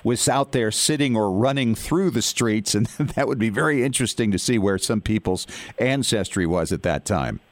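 A man hosting a family history radio show, with a lively, upbeat announcer delivery. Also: on the low side, normal speed, dry recording.

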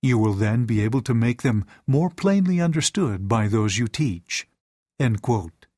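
A man's voice: medium pitch, animated, measured pace, darkish tone, dry recording. Man reading lesson material, dry sound. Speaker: reader of a teaching manual.

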